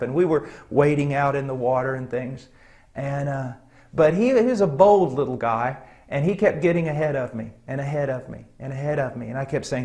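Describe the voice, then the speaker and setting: A middle-aged man preaches a sermon, telling a personal story in an earnest, conversational way. His voice sits on the high side, and he pauses often and chuckles softly.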